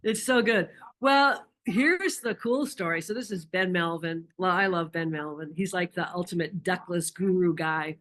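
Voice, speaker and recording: A woman presenting a marketing masterclass, energetic and enthusiastic, who acts out quoted dialogue and laughs often. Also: on the low side, normal speed, hardly any pauses. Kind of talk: presentation talk.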